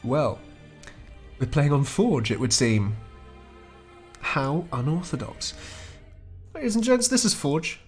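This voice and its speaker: A man's voice: medium pitch, expressive, takes it slowly, pauses often. Man casting a strategy game, faint music. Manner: chatty, wry, chuckles often. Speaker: esports caster. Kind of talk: play-by-play game commentary.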